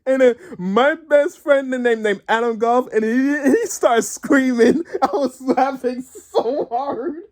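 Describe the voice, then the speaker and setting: A man's voice: very high voice, takes it slowly, few pauses. A man telling a story to his viewers in a casual vlog, stammering, repeating words and giggling all the way through. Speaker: gaming vlogger.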